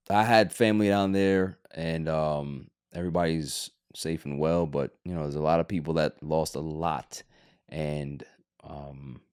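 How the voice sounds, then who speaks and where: A man's voice: very deep voice, darkish tone. A man hosting a sports podcast, talking casually and rambling, with frequent restarts and fillers. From Queens, New York.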